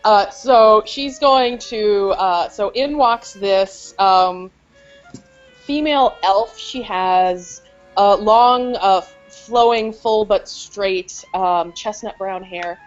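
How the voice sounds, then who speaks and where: A woman playing a tabletop game, chatting in a giggly way with many hesitations and fillers. Her voice sits at an average pitch for a woman. The recording is slightly muffled. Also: slow, soft background music. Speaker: player. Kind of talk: casual tabletop game play.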